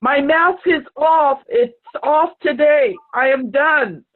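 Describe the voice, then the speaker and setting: Tearful woman on a tinny call. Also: sits high. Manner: tearful, earnest, halting. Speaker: group participant. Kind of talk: emotional personal sharing. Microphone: video call. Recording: tinny phone-like video call audio.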